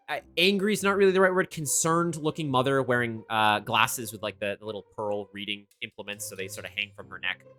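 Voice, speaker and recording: A man's voice: medium pitch, sharp tone. A man narrating as the game master of a tabletop game, talking in a loose, rambling way with many restarts.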